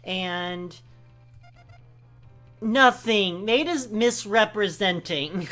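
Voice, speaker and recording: A woman from the US West Coast co-hosting a game playthrough, rambling in casual, animated commentary with sudden high exclamations. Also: very slow, soft background music.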